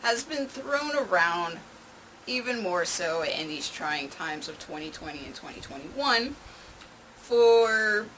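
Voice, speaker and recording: A woman's voice: fairly low pitch, expressive, slow, a bit bright, a little hiss or hum, low-quality recording. A woman hosting her own movie review channel, chatty and openly sarcastic. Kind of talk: casual video review.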